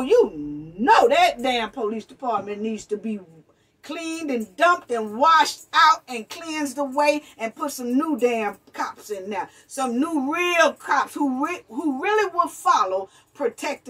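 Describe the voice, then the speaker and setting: Profane, ranting high-voiced woman. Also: a bit bright, breathy edge, distant mic. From New York. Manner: blunt, profane, preachy, addresses viewers as family and honey. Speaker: commentary vlogger. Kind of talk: ranting commentary.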